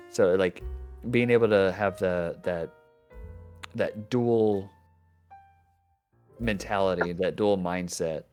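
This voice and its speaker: Man, low voice, casual podcast host, rambling, faint music underneath. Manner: rambling, restarting, laughing often. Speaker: host and game master.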